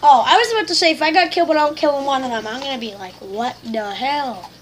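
A woman giving excitable, complaining live commentary over a shooter game she is playing, full of slang. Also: high voice, racing. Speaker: gamer.

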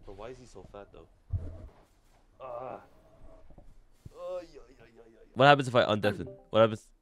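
A young man streaming a video game, chatting casually with viewers, excitable, slangy and quick to shout and laugh. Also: mid-range voice, a crowd in the background. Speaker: gaming streamer. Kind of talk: casual livestream chat over gameplay.

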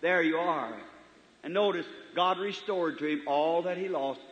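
A man preaching a sermon in a church hall, folksy in manner, swinging from loud to soft. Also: on the high side, a little slow. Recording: echoey hall, dull 1950s tape recording.

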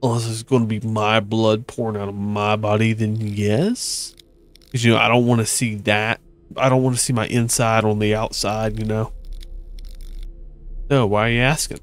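A man's voice: fairly low pitch, level tone, moderate pace. A young man giving casual, rambling, jokey commentary while playing a horror game at his desk mic. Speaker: gaming YouTuber. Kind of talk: let's play commentary. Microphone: desk mic, facing partly away.

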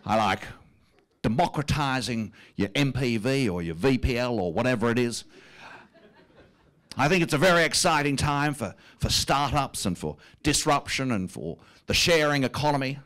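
A comedian on stage impersonates a pompous, smug prime minister with an Australian accent, drawling his words with self-satisfied amusement. The voice sits at an ordinary middle pitch for a man. The tone is that of a rich, powerful politician delighted with himself. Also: expressive, normal speed, a bit bright, natural voice. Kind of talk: stand-up impression of a politician.

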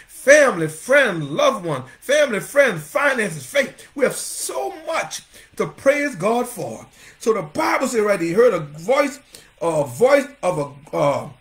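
Preaching with fervor, a male pastor uses a high, animated voice whose pitch rises and falls from one line to the next. Throughout, he names individual members of his congregation.

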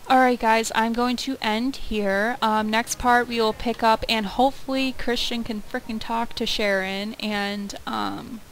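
A woman giving casual, excitable commentary while playing a life-sim game, breaking into loud outbursts. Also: a little high, unhurried, hardly any pauses, slight background noise, low-quality recording. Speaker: let's play gamer.

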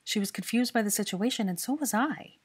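Woman voicing a calm, thoughtful young woman. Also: medium pitch, a little fast, breathy edge, pitched above the performer's own voice, natural voice. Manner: calm, explaining.

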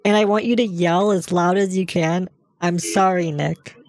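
A man's voice: high-pitched, steady tone, normal speed, no echo. A man using a voice changer to play a bossy, scatterbrained young woman caller who keeps saying "like". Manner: rambling, bossy, full of "like". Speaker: scam baiter.

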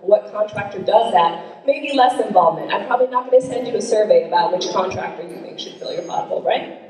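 A woman's voice: medium pitch, lively intonation, brisk, darkish tone. A woman council member talking to constituents at a public meeting, conversational, often asking the audience questions, a little out of breath. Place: meeting room, audience present. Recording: echoey hall recorded from far off.

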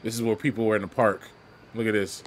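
A man's voice: on the low side, level tone, fast talker, a little hiss or hum. A man giving casual, chatty commentary over news footage, often repeating words as he talks. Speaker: video commentator.

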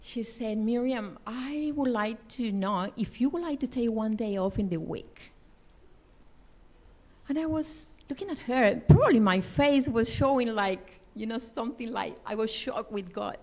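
High-voiced woman giving an earnest sermon. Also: lively intonation, measured pace, a little mellow. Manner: earnest, emphatic, non-native English phrasing. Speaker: lay preacher. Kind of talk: personal testimony sermon. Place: church.

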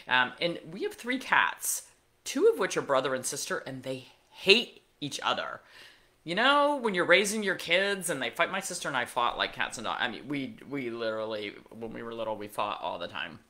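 A middle-aged woman who is a veterinarian hosts a pet podcast, telling a casual story with wry asides and lots of fillers. Her very deep voice is bright, sing-song and forceful, moving at a normal speed.

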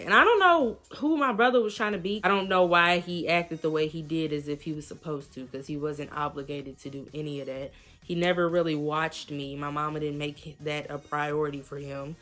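A young woman vlogger telling a lively storytime in casual slang, acting out what people said. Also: on the low side. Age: young adult. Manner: animated, slangy storytelling with quoted voices. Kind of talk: storytime vlog.

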